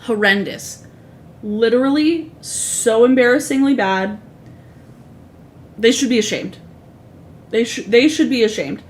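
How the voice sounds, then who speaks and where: A woman's voice: a little high, a little slow, long pauses. A woman in her thirties chatting casually on a livestream, rambling through asides and swearing freely. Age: 30s. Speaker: streamer. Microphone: streaming microphone.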